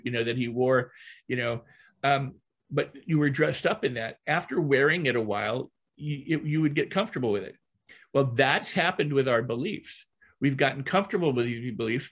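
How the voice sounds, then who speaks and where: An older man speaks as a podcast guest, a trainer who teaches through everyday stories. His voice sits at an ordinary middle pitch, and he talks in a lively, rolling way, repeating and building phrases to drive his point home.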